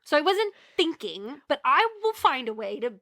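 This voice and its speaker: Young woman cohost, kinda sick and hoarse, gravelly fry, a bit high, keeping it quiet. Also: sing-song, dry recording, clean studio sound. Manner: quiet, deliberately lowered speaking volume. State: hoarse from illness. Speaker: podcast co-host. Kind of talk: casual chat.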